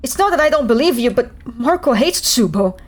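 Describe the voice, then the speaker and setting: A woman's voice: high-pitched, expressive, fairly quick. A woman voicing a concerned male spacefarer with a scarred arm in a video game, reading his lines plainly.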